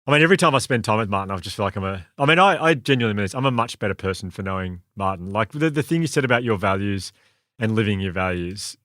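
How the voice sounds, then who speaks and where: Male host, low voice, quick and enthusiastic, dry close sound. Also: lively intonation, a bit bright, dry recording. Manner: quick, self-correcting, enthusiastic. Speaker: podcast co-host. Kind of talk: casual chat.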